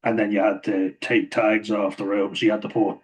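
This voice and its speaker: A man's voice: on the low side, flat delivery, a little fast, a little mellow, slight background noise, poor audio. A man telling a rambling story to camera, swearing freely and laughing often mid-sentence. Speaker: vlogger.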